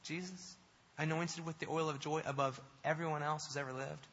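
A male pastor preaching a sermon, emphatic, building to animated repetitions. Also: a little high, fairly quick. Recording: dull sound in a long-reverb hall.

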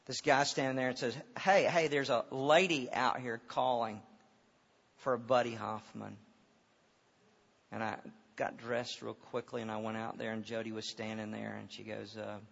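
A middle-aged male pastor preaching a sermon in a church auditorium, moving from loud, impassioned preaching to hushed storytelling. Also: medium pitch, level tone, moderate pace, gravelly. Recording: dull reverberant hall sound.

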